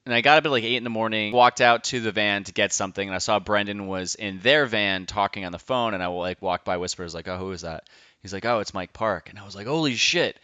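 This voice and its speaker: Podcast host, man, deep and crisp, loose rambling delivery with casual swearing, dry close sound. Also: fairly even intonation, fast talker, few pauses, bright, forceful tone, dry recording. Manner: loose, enthusiastic, swears freely, rambling asides. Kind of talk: casual podcast intro monologue.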